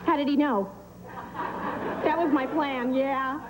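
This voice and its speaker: Deadpan woman doing stand-up. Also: high-pitched, heavy background noise. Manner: deadpan one-liners with pauses for laughs. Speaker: stand-up comedian. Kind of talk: stand-up comedy set. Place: comedy club stage. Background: audience laughter.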